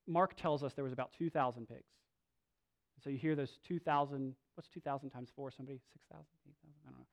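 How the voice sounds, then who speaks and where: Animated conversational male preacher. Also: on the high side. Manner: conversational, with filler words and restarts. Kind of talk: sermon.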